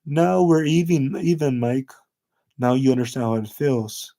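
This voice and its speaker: A man voicing a cruel, bitter middle-aged father confessing revenge in a low, brooding way. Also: unhurried, gravelly, mellow.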